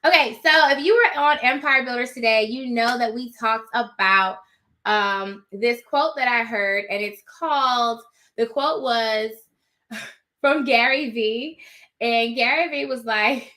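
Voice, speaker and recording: A woman hosting a casual live stream from her home office, animated and rambling as she talks to viewers. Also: on the high side, a little slow.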